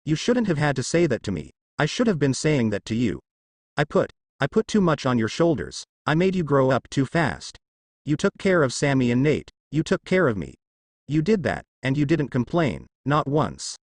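A man voicing a weary, regretful father who speaks in halting, apologetic phrases. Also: mid-range voice, big pitch swings, no room sound.

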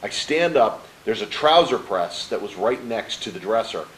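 A middle-aged man with a lowish voice spins a personal story as an interview guest. He acts out what each person said and keeps tossing in quick checks with his listener. A faint hiss runs under the recording. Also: low-quality recording. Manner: animated storyteller who acts out quoted dialogue; peppers his story with "right?" to the host. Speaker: interview guest, motivational speaker.

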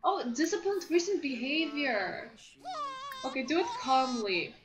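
Excitable high-voiced young woman gaming. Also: unhurried, a crowd in the background. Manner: chatty, excitable, gushing. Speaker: gameplay commentator. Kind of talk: casual let's-play commentary. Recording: roomy echo.

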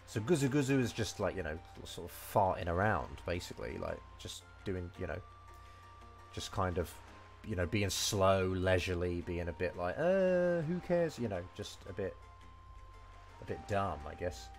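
A man's voice: deep voice, normal speed, vocal fry, faint music behind. A man teaching Japanese vocabulary and grammar in a casual, rambling way, full of fillers and restarts. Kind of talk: casual game-based language lesson.

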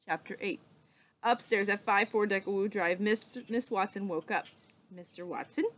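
A woman teacher reading a children's book aloud, slow and expressive with dramatic pauses. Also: mid-range voice.

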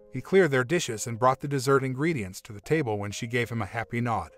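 A man reading a relationship story aloud in an even, measured narration. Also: mid-range voice, soft background music. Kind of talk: scripted narration.

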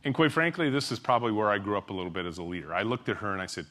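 A middle-aged man, a company CEO, giving a conference keynote. He tells stories animatedly, jumping between loud exclamations and hushed asides. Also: lowish voice, expressive, fast. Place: conference stage.

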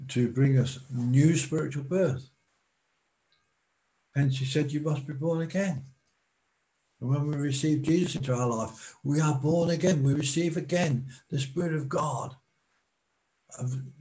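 A man preaching a sermon in a slow, deliberate way, pausing for emphasis. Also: mid-range voice, mellow, low-quality recording.

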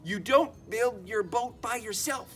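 A kind father bear calls the animals together in a booming, pitched-up shout, then turns soft and fond with his cub. A man acts him out in a storybook telling for kids. The voice sits fairly high. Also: a little slow, faint music behind. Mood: announcing. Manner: calls out announcements loudly, then softens fondly.

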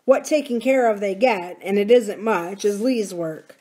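A man's voice: high-pitched, unhurried, darkish tone. A woman voicing a shy, awkward rancher and father who speaks eagerly but self-consciously.

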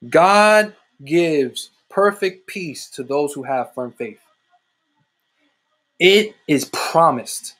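A man delivers a livestreamed sermon into his laptop. His voice sits a bit high and sounds husky. He preaches fervently and conversationally, circling back to the same refrains again and again. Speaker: street-style online preacher.

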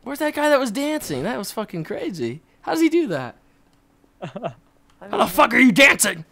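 A man chatting loudly and casually while playing an online game, often laughing and swearing. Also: very high-pitched, moderate pace, gravelly. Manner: loud, laughing, swearing, excitable. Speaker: gaming YouTuber. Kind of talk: casual gameplay chat.

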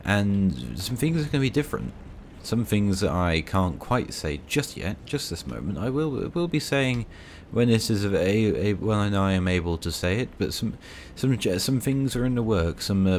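A man with a very low, deep voice talks over his gameplay in a loose, rambling way. He pokes fun at himself and throws in dry little asides as he plays. A faint hiss sits under his voice. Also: animated, moderate pace, hardly any pauses. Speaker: gaming video creator.

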